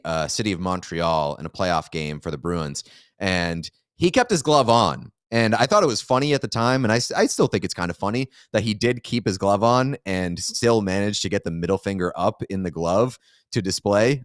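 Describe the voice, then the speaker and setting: A man's voice: deep voice, clean tone, dry recording. A man co-hosting a sports podcast in casual chat, giving dry, wry commentary. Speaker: podcast co-host.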